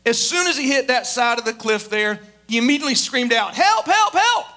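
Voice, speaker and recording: A man's voice: very high voice, brisk, pushed and bright. A man preaching a sermon as pastor, emphatic, building his points with repeated rhetorical questions.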